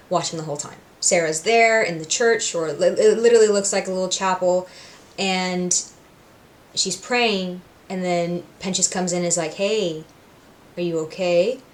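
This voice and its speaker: A woman from Puerto Rico hosting a reaction video, recapping scenes with animated storytelling and acting out the characters' lines. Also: lowish voice, moderate pace, a little hiss or hum. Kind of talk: casual recap and commentary.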